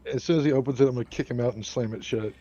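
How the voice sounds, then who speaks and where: A man's voice: mid-range voice, rapid-fire, dark tone. Brash male player, casual and swearing, on a dull lo-fi mic. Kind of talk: casual tabletop game chat.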